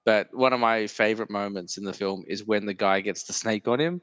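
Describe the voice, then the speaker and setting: A man's voice: on the low side, fairly even intonation, brisk, fairly bright tone, clear, resonant tone, no room sound, long reverb tail, muffled recording. A man hosting a film podcast, chatting casually with many "like" fillers and easy laughs. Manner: rambling, lots of "like" fillers, laughs often. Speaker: podcast host. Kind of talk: casual chat.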